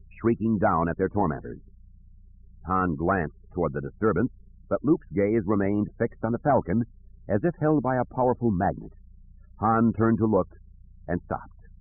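A man with a low, husky voice narrates an audiobook in a steady, even way. The recording is thin and tinny, like a phone line. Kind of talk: scripted narration.

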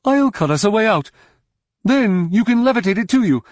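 A man voicing a bold male alien fighter who scolds and shouts in high, strained bursts, read as an audiobook character voice. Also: animated, normal speed, no echo. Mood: commanding.

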